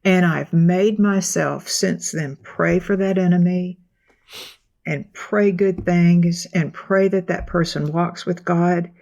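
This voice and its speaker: A woman co-hosting a faith podcast, telling a personal story in an animated way and acting out what people said. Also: lowish voice, slow pace, creaky, muffled recording. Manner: animated storytelling, acts out quotes. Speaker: podcast co-host. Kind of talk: casual devotional discussion.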